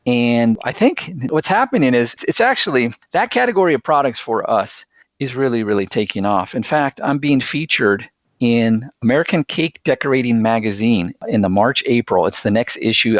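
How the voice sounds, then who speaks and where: A man's voice: medium pitch, lively intonation, normal speed, dry recording, muffled recording. A man speaking as a podcast guest, earnest and enthusiastic as he tells stories. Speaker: guest, sales executive. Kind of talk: podcast interview.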